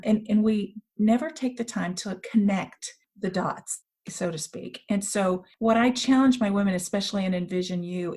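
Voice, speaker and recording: A woman's voice: mid-range voice, darkish tone. Earnest, reflective middle-aged woman. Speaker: author and women's coach, guest. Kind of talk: casual interview conversation. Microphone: remote call.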